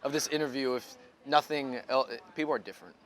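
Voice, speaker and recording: A man's voice: medium pitch, quick pace, a bit bright. A man speaking frankly and easily in a casual interview, using casual slang.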